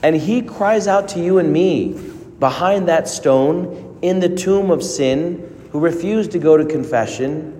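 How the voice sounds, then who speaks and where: A man preaching a sermon as a priest, earnest, with dramatic pauses and rising emphasis. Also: on the high side, a little mellow. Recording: long reverb of a large hall.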